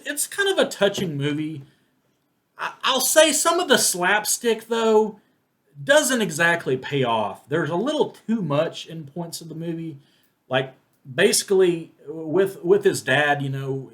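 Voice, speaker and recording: A man's voice: a little high, expressive, unhurried, a bit bright. A man giving a casual, rambling spoken movie review, full of restarts and fillers. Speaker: film reviewer.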